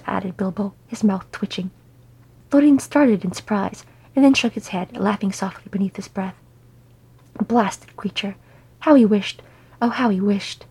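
A woman reading a fan fiction audiobook in a soft, intimate storytelling manner. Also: mid-range voice, husky, poor audio. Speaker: reader.

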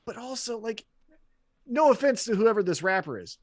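A man's voice: high voice, normal speed, no echo. A man co-hosting a wrestling podcast in casual chat, blunt and swearing freely as he tells stories. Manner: blunt, swears, animated storytelling.

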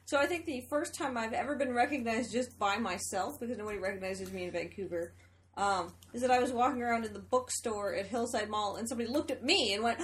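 A young adult woman co-hosting a casual podcast chat, telling stories animatedly and acting out quoted lines loudly. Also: a little high, fast, a little hiss or hum. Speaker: podcast co-host.

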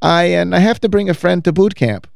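A sweet, soft-spoken cleaning lady with a high, gentle voice, as a man puts her on. She talks kindly and plainly. The recording is dry and close to the mic. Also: brisk, vocal fry, no echo. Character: sweet, friendly female house cleaner.

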